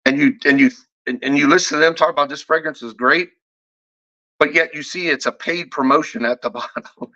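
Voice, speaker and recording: Guy going off in a sweary vlog rant, sharp forceful voice, keeps stumbling and repeating himself. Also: a little high, a little fast. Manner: profane, combative, heavy swearing; repeats and restarts words when heated. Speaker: fragrance reviewer. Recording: dull lo-fi audio.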